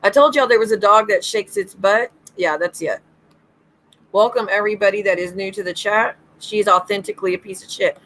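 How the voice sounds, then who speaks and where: A woman's voice: mid-range voice, brisk, a bit bright, low-quality recording. A woman hosting a livestream as a psychic medium, ranting bluntly and swearing freely.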